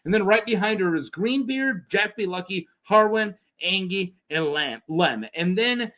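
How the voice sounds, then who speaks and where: Brief: rambling male host of a lore video, lively delivery. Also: sits high, unhurried. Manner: rambling, self-correcting, laughs often. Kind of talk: casual story recap.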